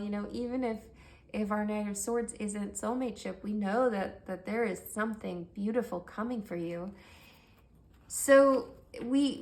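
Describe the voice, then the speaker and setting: Gentle tarot reader woman with a gravelly edge. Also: mid-range voice. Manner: soft, gentle and affirming, drifting into near-whispers. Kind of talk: pick-a-card tarot reading.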